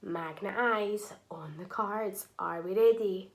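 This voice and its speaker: A woman with a mid-range voice leads young children through a phonics lesson. She sounds out words slowly and clearly, offering frequent praise.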